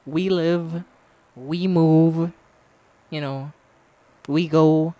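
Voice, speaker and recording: Slow-talking, teasing woman streamer. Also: deep voice, fairly even intonation, mellow, muffled recording. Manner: teasing, laughs often between lines; frank, swears freely. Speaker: game streamer. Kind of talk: casual chat with a live stream audience.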